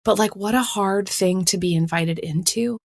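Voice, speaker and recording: A woman podcast host asking questions gently and laughing often. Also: medium pitch, moderate pace, no echo, studio quality. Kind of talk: warm conversational interview.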